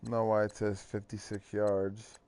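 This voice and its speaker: Tired, slow-talking man. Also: fairly low pitch, monotone, darkish tone. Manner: slow, halting, trailing off. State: tired, yawning. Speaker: gamer recapping a football video game. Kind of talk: casual game commentary. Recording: clear background noise.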